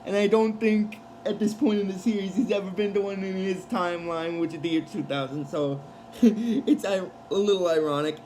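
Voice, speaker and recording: High-voiced man rambling through a recap. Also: normal speed, darkish tone, a little hiss or hum, rough recording. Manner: rambling, full of fillers and restarts. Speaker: show recap vlogger. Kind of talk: casual episode recap.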